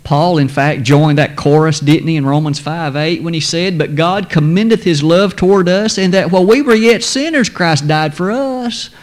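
A man preaching a sermon, quoting scripture in old-fashioned wording, swelling loud and high on key words and dropping to a near whisper. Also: moderate pace, hardly any pauses. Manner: emphatic, swells high then drops to a hush.

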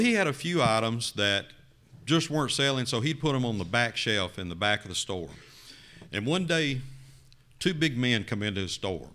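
A man preaching a sermon, telling a story with dramatic rises and quiet drops. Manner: dramatic, rising to loud emphasis then dropping low.

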